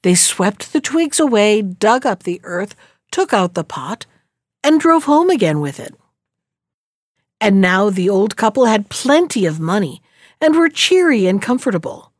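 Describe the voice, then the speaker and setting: A woman reading a fairy tale aloud in an expressive, unhurried storytelling manner. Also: mid-range voice, no room sound, studio quality.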